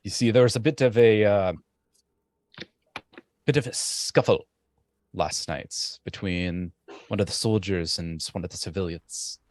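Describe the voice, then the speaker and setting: A man's voice: low-pitched, a little mellow, no room sound. A man voicing a polite, hesitant male soldier who reports a problem to his superiors. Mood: reporting trouble. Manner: deferential, halting with many fillers.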